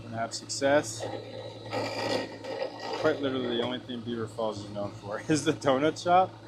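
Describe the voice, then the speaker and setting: Speaking at a moderate pace in a mid-range voice, this man from Washington State, USA, livestreams his blacksmithing from the workshop. As he works, he chats casually, laughs a lot, and reads out his chat and responds to it.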